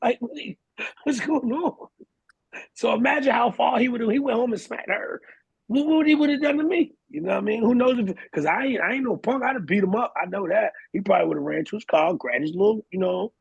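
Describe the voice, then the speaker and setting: A man's voice: extremely high pitch, a little fast, creaky, breathy edge, no echo, muffled recording. A young man co-hosting a podcast, telling stories in a casual, slangy way and acting out the people in them. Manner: animated storyteller, slangy, acts out quotes. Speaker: podcast co-host. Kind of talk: casual storytelling chat.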